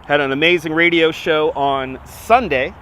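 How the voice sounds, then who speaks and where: On the high side and fairly bright, at a normal speed, a man's voice narrates his live walking stream along a city street, shot on a gimbal-held phone. He greets viewers by name in a chatty, upbeat style, though a slightly stuffy nose may make his voice crack. Faint street and traffic sounds come through.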